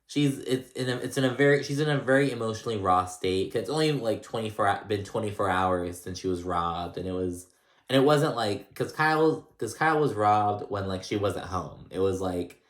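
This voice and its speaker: A man with a fairly low voice talks through a reality show recap in a loose, rambling way, full of "like" and "um". The sound is roomy, with the room echoing around him. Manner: rambling, filler-heavy storytelling. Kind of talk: casual recap chat.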